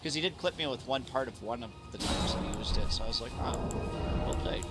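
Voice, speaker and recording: A man of middle pitch streams a game and talks through it in a loose, rambling way, often backing up to correct himself. Loud music plays behind his voice. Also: quick pace. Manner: rambling, self-correcting, laid-back. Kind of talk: casual gaming stream chat.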